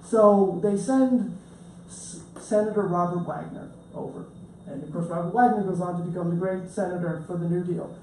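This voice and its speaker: A man with a high-pitched, warm voice speaks at a moderate pace during an informal lecture about his book. He's chatty and jokes around, tells stories and often restarts his sentences. A distant mic in the lecture room gives a roomy sound with faint ambience from the audience and a little hiss or hum.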